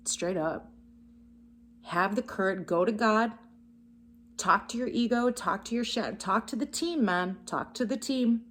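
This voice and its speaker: A woman's voice: medium pitch, unhurried, fairly bright tone. A woman giving a casual spiritual card reading, enthusiastic and encouraging, talking straight to her viewers. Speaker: tarot card reader.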